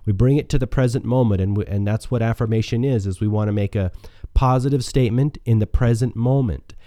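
Man, scratchy voice, very dark mellow tone, earnest motivational podcast host. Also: mid-range voice, a little fast, no echo, clean studio sound. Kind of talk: solo self-help podcast talk.

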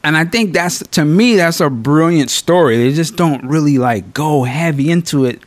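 A man hosting a podcast, reviewing a film in casual, slangy, profane chat with animated storytelling. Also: fairly high pitch, normal speed, no echo. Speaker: podcast host.

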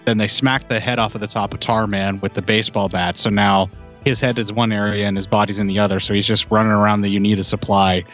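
A man co-hosting a podcast, retelling film scenes in a relaxed, detailed way. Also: on the low side, quick pace, faint music behind. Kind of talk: casual chat.

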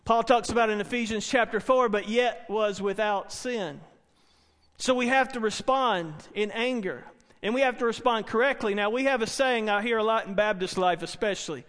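A middle-aged Baptist pastor preaching a sermon in earnest, repetitive phrases, asking the congregation questions in a church. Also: male voice, high-pitched, brisk, few pauses, a bit bright. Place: church sanctuary. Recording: long hall reverb.

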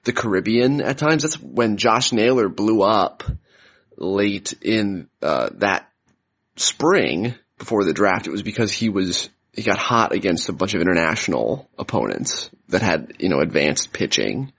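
A man speaking as a podcast guest in easy, hesitant chat full of fillers. His voice is low and husky. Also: lively intonation, a little slow, fairly bright tone. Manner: hesitant, loose, lots of fillers. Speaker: prospect analyst guest.

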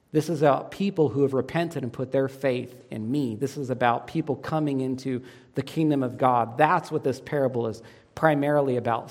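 Preaching man in a reverberant hall. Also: creaky. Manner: asks the congregation fill-in questions; dramatic swings in pitch and loudness. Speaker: pastor. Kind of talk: sermon. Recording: long reverb of a church hall.

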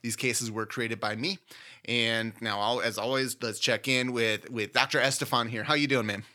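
A man's voice: medium pitch, steady tone, normal speed, bright, forceful tone. A man hosting a podcast, playfully narrating a mock medical exam case. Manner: playful, teasing, laughs easily. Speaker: podcast host running a mock oral boards case.

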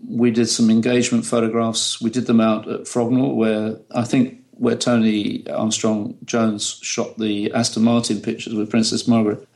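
A man's voice: lowish voice, completely flat delivery, normal speed, creaky, hardly any pauses, darkish tone. A middle-aged man from the United Kingdom, a photographer, telling chatty anecdotes in an interview and laughing often. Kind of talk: relaxed anecdotal storytelling.

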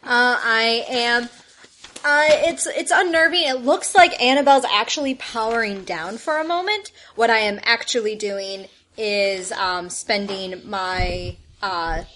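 A woman's voice: fairly high pitch, a little slow, pushed and bright, a little hiss or hum. A woman playing a tabletop game, playfully describing what her character does. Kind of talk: casual actual-play chat.

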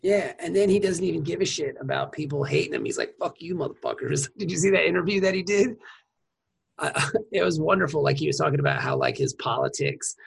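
A man with a heavily gravelly, husky voice that swings widely in pitch, talking casually on a podcast. He swears freely and gets excited, often breaking into laughter. His voice sits a little high for a man. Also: quick pace. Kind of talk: casual chat.

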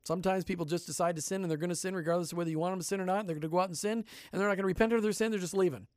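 A man's voice: sits high, steady tone, very fast, no room sound. A man co-hosting a faith and business radio show, joking and rambling in casual studio chat. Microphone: studio microphone.

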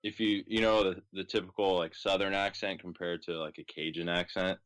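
A young man from California, a guest on a podcast, answering in a relaxed, easygoing way. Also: sits low, brisk, no echo. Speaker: guest, college pitching coach. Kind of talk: casual interview chat.

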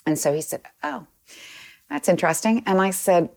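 Woman, low voice, gravelly edge, chatty storyteller, lots of ums. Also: normal speed. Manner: chatty, many ums, quotes others in lively asides. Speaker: interview guest. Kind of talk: casual storytelling.

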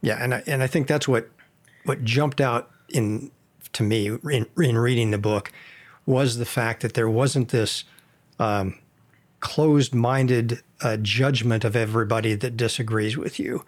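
A man hosting a casual podcast discussion, speaking in a measured, thoughtful way with some hesitation. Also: medium pitch, steady tone.

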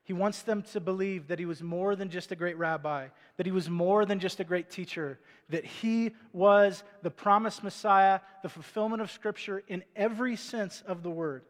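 Guy pastor giving a sermon, fairly high voice, chatty with lots of "right?" questions, long hall echo. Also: normal speed, few pauses. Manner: conversational preaching with rhetorical questions. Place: church stage before a congregation.

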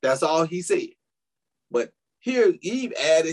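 A man's voice: a little high, big pitch swings, slow pace. A male pastor preaching a sermon, calling out to the congregation with frequent amens, hallelujahs and little laughs. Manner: preaching with frequent "amen" and laughs, addressing "saints".

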